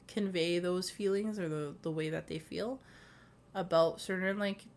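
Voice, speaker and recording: A young woman hosting a solo podcast, rambling casually with lots of filler words and the odd swear. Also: lowish voice. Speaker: podcast host.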